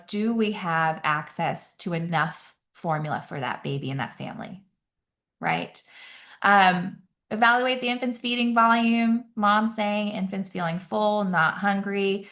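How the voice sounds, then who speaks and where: A woman's voice: mid-range voice, a bit bright. Woman nurse educator on a webinar, chatty and upbeat, keeps asking the chat stuff, "right?" a lot. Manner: upbeat, quizzing the audience with frequent "right?". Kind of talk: live webinar teaching.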